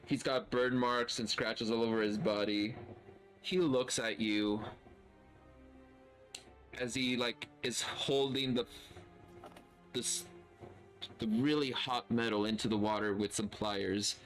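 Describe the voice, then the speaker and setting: A man's voice: medium pitch, fairly even intonation, slow pace, pauses often, a bit bright, faint music behind. A man narrating a tabletop role-playing game as game master, describing scenes casually with many fillers.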